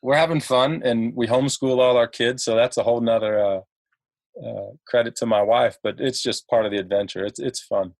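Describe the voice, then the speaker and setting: A middle-aged man from Ohio, a podcast guest telling stories in a halting, chatty way with many fillers and laughs. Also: mid-range voice, fairly even intonation, a little mellow, no room sound. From Ohio, USA. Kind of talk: casual podcast chat.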